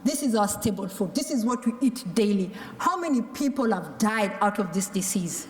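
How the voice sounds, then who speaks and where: A woman's voice: mid-range voice, lively intonation, normal speed. A woman from a Maasai community speaks to a conference audience, telling her own survival story. She acts out the voices of her doctors and her mother as she goes. Her mid-range voice rings through a large hall with a long, roomy echo. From Kenya or Tanzania, Maasai community. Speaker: tuberculosis survivor giving testimony. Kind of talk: personal testimony speech.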